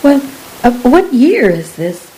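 A woman's voice: fairly high pitch, very animated, slow, dark tone, voice pushed up, low-quality recording. A woman reading a nervous stranded professor. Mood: anxious. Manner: sweating, stammering, anxious. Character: nervous modern male professor, a stranded time traveler.

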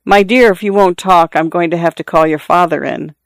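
A man's voice: sits high, a little fast, gravelly, no room sound, clean studio sound. A man reading an audiobook, voicing a concerned, probing female biology teacher.

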